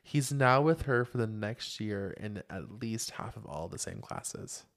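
A woman's voice: very deep voice, animated, measured pace. A woman co-hosting a podcast in casual chat, joking and reading listener stories aloud. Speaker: podcast co-host.

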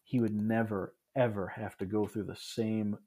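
Speaking at a moderate pace, he has a dark, slightly rough voice on the low side with little pitch movement. He's in his thirties, hails from Michigan, USA, and shares his story as a podcast guest, casual and reflective, with plenty of restarts and asides.

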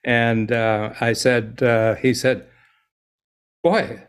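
An American man in his own voice, a podcast guest, talking at an ordinary pitch. He wanders through anecdotes, restarts his sentences and chuckles often, in loose conversation. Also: unhurried, a bit bright. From United States. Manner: rambling storyteller, laughs often, restarts.

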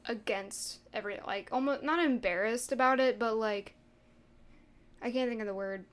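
A woman's voice: a little high, moderate pace, clear, resonant tone. A woman co-hosting a casual podcast chat, speaking hesitantly and searching for her words. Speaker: podcast co-host.

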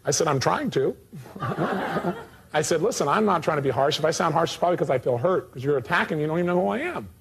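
A man's voice: fairly high pitch, fast talker, vocal fry, breathy edge. A man who works as a motivational speaker, from the United States, telling a story to a live audience and acting out the people in it. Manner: animated, acts out voices in his story.

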